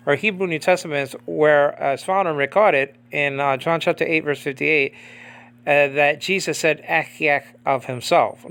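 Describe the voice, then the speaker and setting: A man teaching an informal Bible study, rambling with many fillers, often asking if the listener understands, and reciting verses slowly and deliberately. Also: on the high side, fairly bright tone, smooth. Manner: rambling, many fillers, keeps asking "you understand what I'm saying?". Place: in the Philippines.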